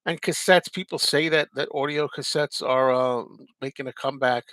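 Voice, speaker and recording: A man's voice: medium pitch, steady tone, normal speed, a bit bright. Guy chatting on his stream, repeats himself a lot, rambly, no room echo at all. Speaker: host answering viewer comments. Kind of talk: casual live chat.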